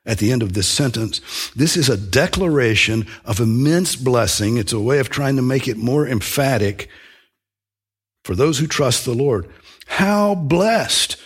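Male preacher delivering a sermon, slightly husky, earnest, leans hard on key phrases. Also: on the low side. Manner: earnest, emphatic, with slow stressed phrases and small restarts.

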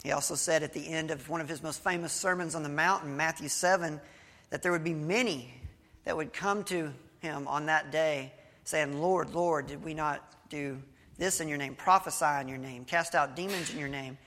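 A man's voice: fairly high pitch, steady tone, normal speed, a bit bright. A male pastor giving a sermon, reading scripture and telling a story in a conversational preaching manner with small restarts. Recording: long hall reverb.

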